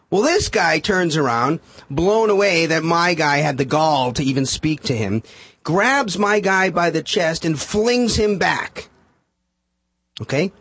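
A man's voice: on the high side, measured pace, husky, no echo. A man telling a case story as a guest on a radio talk show, acting out the quotes. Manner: animated storyteller, acts out quotes. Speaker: defense attorney guest.

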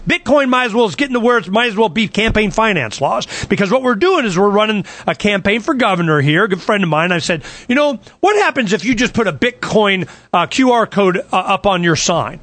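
A man telling a long story in an excited, sarcastic rant, acting out what others said to him. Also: high-pitched, no echo. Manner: excited, sarcastic, quotes others in retold dialogue. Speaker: political campaigner.

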